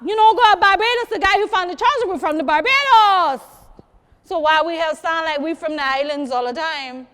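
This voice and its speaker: A high-voiced woman from South Carolina, working as a storyteller, tells stories live to an audience in a museum program room at a moderate pace. She's lively and teasing and speaks directly to the crowd, and the sound has a long reverb tail.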